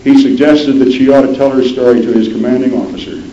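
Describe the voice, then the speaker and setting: A man telling a dramatic historical story in a measured way, often dropping low and soft for emphasis. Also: fairly even intonation. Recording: roomy, dull lo-fi sound with faint noise.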